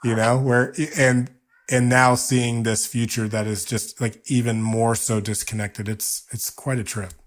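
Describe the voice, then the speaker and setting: A man's voice: medium pitch, little pitch movement, measured pace. A man in his forties hosting a podcast, talking earnestly in a casual interview and hyping up the sign-off. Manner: earnest, warm praise with playful hype at the close. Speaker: podcast host.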